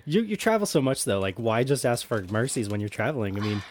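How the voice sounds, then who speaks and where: A man's voice: medium pitch, big pitch swings, fast, a little hiss or hum. A man hosting a casual podcast chat, easygoing and heavy on fillers like "like" and "you know". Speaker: podcast host.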